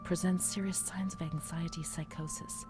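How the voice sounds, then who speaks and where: A woman voicing a haunted young woman recalling her asylum records, speaking in a whispered role-play, hushed and unsettled. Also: fairly low pitch, steady tone, moderate pace, over music, lightly acted. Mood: uneasy whisper.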